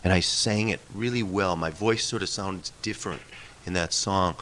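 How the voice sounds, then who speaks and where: Candid low-voiced man telling a story. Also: normal speed, fairly bright tone, a little hiss or hum. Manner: wry, candid, swears for emphasis. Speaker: musician and storyteller. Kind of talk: personal storytelling talk.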